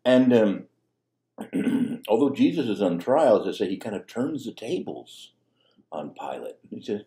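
A man's voice: on the low side, sing-song, measured pace, warm tone. A man preaching a sermon as a priest, talking conversationally with fillers and restarts. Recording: echoey room.

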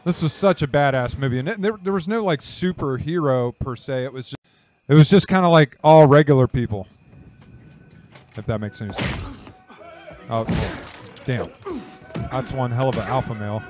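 A man giving casual reaction commentary over a film, excitable and swearing freely. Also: mid-range voice, normal speed, long pauses. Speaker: YouTuber reacting to a video. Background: movie soundtrack music playing.

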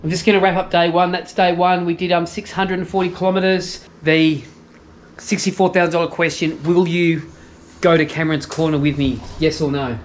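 A man's voice: fairly high pitch, little pitch movement, fairly quick, slight background noise. An Australian man vlogging a motorbike road trip, teasing his companion with cheeky questions.

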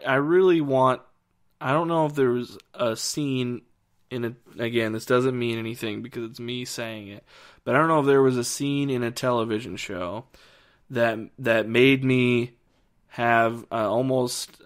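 A man co-hosting a podcast, chatting casually about a TV series in a rambling, animated way. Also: mid-range voice. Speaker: podcast co-host. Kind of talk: casual film review chat.

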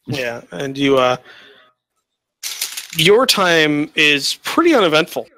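A man's voice: fairly high pitch, very animated, slow pace, pushed and bright, low-quality recording. Hesitant male game master. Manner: hesitant, many fillers. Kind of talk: narrating a tabletop game.

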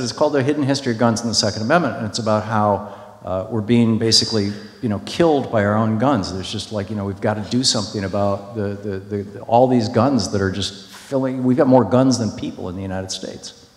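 A man's voice: fairly low pitch, fast talker. A man telling a story to an audience in a conversational, emphatic way, with many restarts and fillers. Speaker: speaker at a public talk. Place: large hall. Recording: echoey hall.

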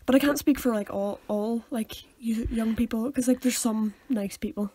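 A young woman chats on a podcast, her voice sitting a little high. She giggles often and slips into acted voices as she tells stories. The sound is close and dry. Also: normal speed, dark tone, slightly rough, no room sound. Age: 20s. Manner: chatty, giggly, acts out quoted voices. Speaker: podcast co-host. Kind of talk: casual chat.

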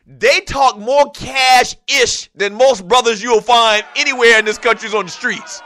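A man hosting a casual sports talk show, telling long, rambling stories in an animated, joking way. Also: extremely high pitch, a little slow, a little hiss or hum.

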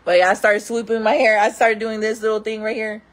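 A woman's voice: fairly high pitch, little pitch movement, a little fast. A woman telling her own stories to camera in casual, candid talk, often calling her viewers friends. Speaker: storyteller host.

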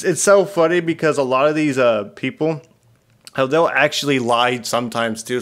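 Young man, slightly high voice, casual commentary, mocking, frequent laughter. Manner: mocking, laughs often, reads profiles in exaggerated voices. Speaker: YouTuber reviewing dating profiles.

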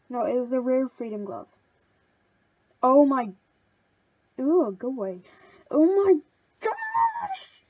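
A woman hosting a casual gameplay video. She rambles, gushes and gets excitable while thanking friends for gifts. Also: fairly high pitch, no room sound, highs cut off. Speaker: channel host.

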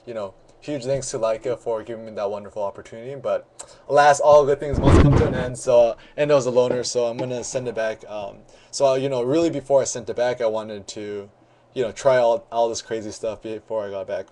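A man vlogging about his camera gear in a relaxed, rambling way, full of ums and restarts. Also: medium pitch, brisk, a little hiss or hum. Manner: relaxed, many ums and restarts, chatty storytelling. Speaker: photography vlogger. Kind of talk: casual rambling vlog.

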